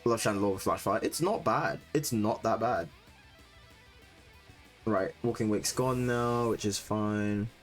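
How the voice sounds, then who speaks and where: A young man giving live commentary on his own competitive gameplay, excitable and quick to break into loud, frustrated rants. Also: on the low side, soft background music. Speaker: gaming streamer.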